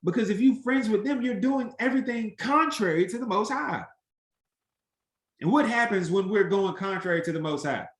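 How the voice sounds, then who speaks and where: A man teaching an interactive Bible study, animated and emphatic, acting out the voices he quotes. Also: high voice, moderate pace, reverberant.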